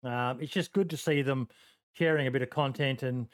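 Casual Aussie male host, smooth tone, stop-start delivery full of fillers. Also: mid-range voice, fairly even intonation, moderate pace. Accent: Australian. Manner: hesitant, lots of ums, joking. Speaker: podcast host. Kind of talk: casual podcast chat.

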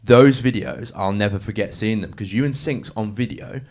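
A man's voice: on the low side, moderate pace, a little mellow. A man talking earnestly and emotionally in a casual chat, often restarting his sentences. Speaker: guest.

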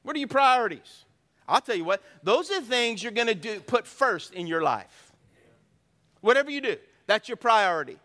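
A man's voice: sits high, sing-song, normal speed, bright, forceful tone. A middle-aged man preaching a sermon as pastor, folksy and joking, drawing answers from the congregation. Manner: folksy, joking storyteller with call-and-response.

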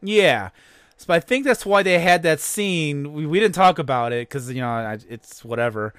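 Brief: male podcast host, a bit higher voice, very lively pitch, close dry mic. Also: normal speed, clear, resonant tone, no room sound. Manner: animated, laughing, swears freely. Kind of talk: casual chat.

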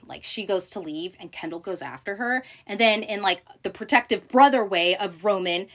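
A woman hosting a casual recap, talking in an animated, profane way with many fillers and acted-out quotes. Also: medium pitch, normal speed, few pauses. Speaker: podcast host recapping a TV show. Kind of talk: casual chat.

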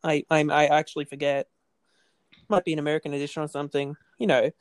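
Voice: medium pitch, little pitch movement, fast talker, dry recording. A podcast host rambling casually about film trivia, laughing at their own jokes.

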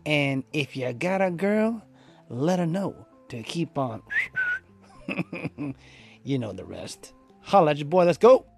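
A man hosting a podcast in a laid-back, playful way, with rhyming shout-outs and frequent laughs. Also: on the high side, lively intonation, slow pace, vocal fry, pauses often, soft background music. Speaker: podcast host. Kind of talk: casual podcast chat.

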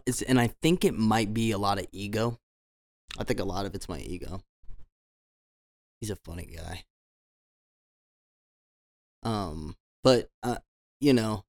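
Rambling low-voiced man telling stories. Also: a little mellow. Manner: rambling, many restarts and fillers. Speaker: podcast host. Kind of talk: casual storytelling monologue.

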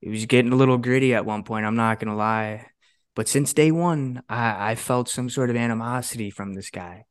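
A young man in his twenties, co-hosting a podcast and telling a story in a casual, animated way, swearing often and acting out what others said. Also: medium pitch, fairly quick, clear, resonant tone, no room sound, studio quality. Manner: animated, swears a lot, acts out quotes. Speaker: podcast co-host.

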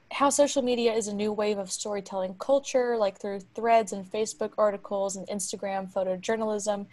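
A woman's voice: medium pitch, a little mellow. Chatty young woman storyteller. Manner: chatty, acts out quoted voices. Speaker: podcast co-host. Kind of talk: casual podcast storytelling.

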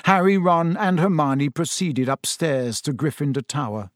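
Guy reading a storybook aloud, slightly high voice, dry close mic. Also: moderate pace, dry recording. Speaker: audiobook reader. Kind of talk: storybook narration.

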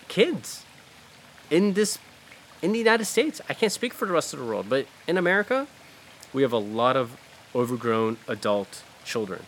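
A man's voice: fairly high pitch, a bit bright, slight background noise. A man hosting a talk show, ranting bluntly and casually with profanity and many fillers. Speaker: podcast host.

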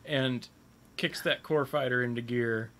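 A man's voice: medium pitch, steady tone, unhurried, fairly bright tone. A man in casual chat, making wry joking asides.

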